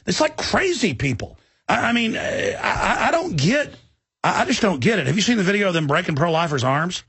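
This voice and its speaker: A man's voice: sits high, sing-song, fairly quick, fairly bright tone, slightly rough, no room sound. A man hosting a talk radio show, talking intensely in a rambling way with many restarts. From Texas.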